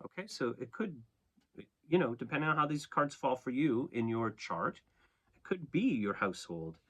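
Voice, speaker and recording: A man's voice: mid-range voice, big pitch swings, moderate pace, fairly bright tone, slightly rough. A man giving a casual, conversational tarot reading, often checking in with "okay?" and "right?" and laughing at himself. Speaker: tarot reader and astrologer.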